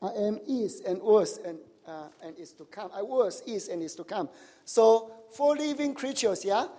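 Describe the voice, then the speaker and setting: A man preaching a sermon in a high, light voice that rings out through a church hall with long reverb. He keeps asking the congregation questions, checks in with "right?" and "huh?", and speaks with nonnative grammar. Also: expressive, measured pace, mellow. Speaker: pastor.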